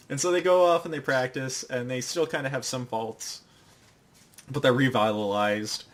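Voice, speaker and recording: A young man co-hosting a podcast, casually recapping an anime episode in a rambling way and acting out the characters' lines in quick put-on voices. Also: medium pitch, fairly bright tone. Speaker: podcast co-host.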